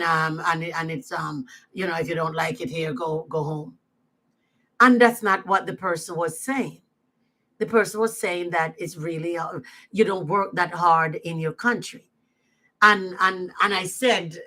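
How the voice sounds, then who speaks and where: A woman's voice: on the low side, fairly bright tone, low-quality recording. A woman hosting a casual live chat, telling a story and giving her opinions in an earnest way. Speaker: host.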